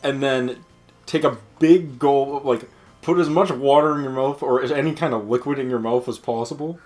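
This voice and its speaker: A man's voice: medium pitch, moderate pace, a little mellow, faint music behind. Rambling, laughing young man gamer. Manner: joking, rambling, swears, laughs often. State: has the hiccups. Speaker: co-host playing a video game. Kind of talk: casual gaming chat.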